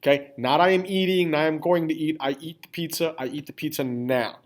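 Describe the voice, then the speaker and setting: On the high side with fairly even intonation, this Spanish teacher talks a little fast. He teaches grammar step by step while typing on screen, spelling out endings and regularly checking in with students by saying "all right?"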